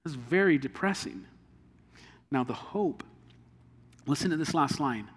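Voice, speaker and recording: A man's voice: a little high, animated, measured pace, long pauses, husky. Earnest male pastor in a reverberant hall. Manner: earnest, conversational preaching with everyday illustrations. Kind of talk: sermon.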